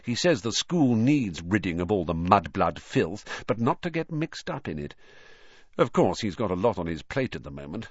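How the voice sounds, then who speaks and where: A scornful, snobbish teenage boy, as a man voices him in an audiobook. He is lively, quick and sneering. The recording is dull and dry. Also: on the low side, no room sound. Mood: boastful.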